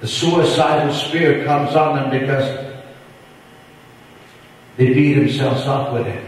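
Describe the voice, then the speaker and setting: A fervent preacher pushes his revival sermon with emphatic, repeated phrases in a high voice. He is heard from a distance in a large hall with long, rolling reverb. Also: steady tone, measured pace. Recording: echoey hall from far off.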